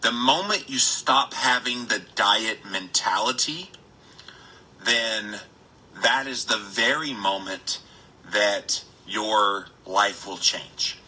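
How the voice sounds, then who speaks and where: A man hosting a live stream, chatting with viewers, greeting them by name and stressing words with drawn-out emphasis. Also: fairly low pitch, pushed and bright, breathy edge, low-quality recording. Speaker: health podcaster.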